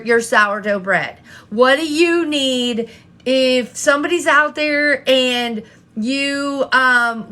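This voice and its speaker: High bright-voiced woman coaching viewers. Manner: repetitive, rhetorical questions to viewers. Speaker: online business coach. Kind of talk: live-stream coaching talk.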